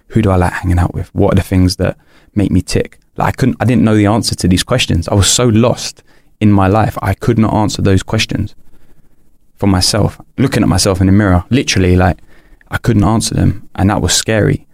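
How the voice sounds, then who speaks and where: A man's voice: sits low, steady tone, fairly quick, gravelly, a little mellow, no echo, studio quality. A young man, a podcast guest, candidly telling a personal story in an earnest, rambling way, full of restarts and fillers.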